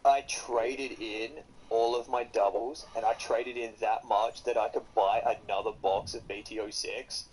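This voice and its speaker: Australian man, casual guest storyteller, middle pitch, lively and foul-mouthed, light hiss. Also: unhurried, few pauses, poor audio. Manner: animated, swears freely while telling stories. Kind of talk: casual chat.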